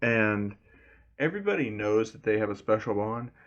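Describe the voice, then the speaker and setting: A man's voice: fairly low pitch, animated, moderate pace, lo-fi sound. A man casually retelling a fan story, rambling with lots of "you know" fillers.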